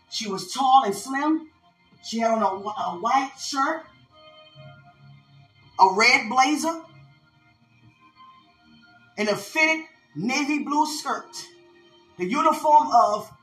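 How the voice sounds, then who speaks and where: A woman's voice: fairly high pitch, lively intonation, slow, pauses often, a bit bright, faint music behind. Fervent woman preacher, echoey room. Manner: fervent preaching, call-outs to listeners. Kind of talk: prophetic sermon.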